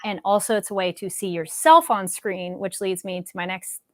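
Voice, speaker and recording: A female talk show host asks her questions in an easy, conversational tone and listens closely. Her voice is mid-pitched. The recording is dry and close, with no room echo. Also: steady tone, normal speed. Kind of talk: interview questions.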